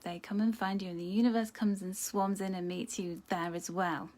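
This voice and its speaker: A woman giving a live oracle card reading in a dim room, talking in an earnest, emotional way that often sinks to a near whisper. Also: mid-range voice. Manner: soft, intimate, often dropping to a near whisper. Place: dim room lit by a starlight projector.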